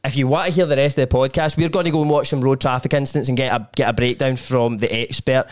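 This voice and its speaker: A Scottish man hosts a casual podcast chat at a brisk clip. His voice is smooth and clear, and he keeps the guest going with quick ayes and mm-hmms. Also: mid-range voice, steady tone. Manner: chatty, prompting with quick "aye" and "mm-hmm". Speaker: podcast host.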